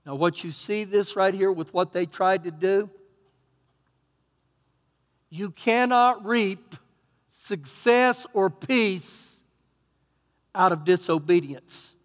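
A Texan man preaching a sermon as pastor, swinging between loud emphatic bursts and quieter asides. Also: sits high, slow pace, long pauses, long reverb tail. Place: church sanctuary.

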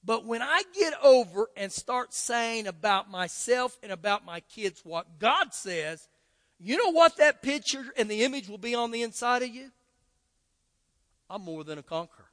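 An older pastor with a Texan accent preaches emphatically in a church sanctuary, repeating key phrases for stress. His very high voice is animated and fairly bright at a moderate pace, with a long church-hall reverb.

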